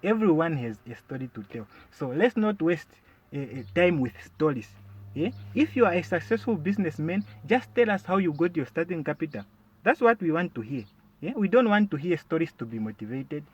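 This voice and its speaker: A man's voice: a little high, big pitch swings, brisk, breathy edge, highs cut off. A man performing a sarcastic comic monologue, talking straight at his listeners and ending points with "yeah?". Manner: sarcastic, addresses listeners directly with "my friend" and "yeah?". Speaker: comedian.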